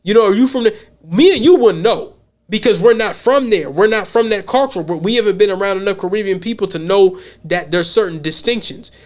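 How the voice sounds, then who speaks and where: A man's voice: high voice, a little fast, darkish tone. An American man hosting a podcast, talking casually in a blunt, profane way, often repeating words as he thinks. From United States. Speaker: podcast host.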